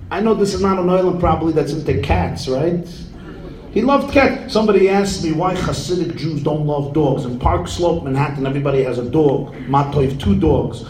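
A man's voice: high voice, a little mellow, roomy sound, a little hiss or hum, rough recording. A man giving a humorous sermon as a rabbi, telling stories and jokes sprinkled with Yiddish words.

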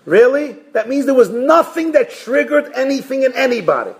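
Animated rabbi telling stories in a sermon. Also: male voice, extremely high pitch, a little fast. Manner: animated storytelling, acts out voices and jokes. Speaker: rabbi giving a Torah class.

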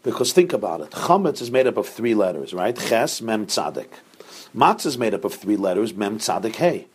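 Husky man teaching a Torah class. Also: fairly low pitch, sing-song, normal speed. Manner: explains step by step, often checking with 'right?'.

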